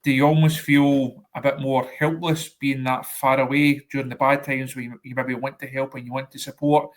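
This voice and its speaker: Flat-toned male interviewer. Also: medium pitch. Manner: long, measured questions. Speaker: interviewer, journalist. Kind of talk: interview questions.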